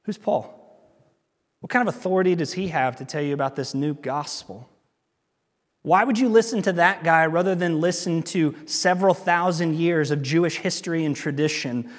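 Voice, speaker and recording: A man's voice: a little high, normal speed, long reverb tail, close to an everyday voice. A male preacher voicing an exasperated apostle who scolds his churches with pleading, incredulous questions. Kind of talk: sermon.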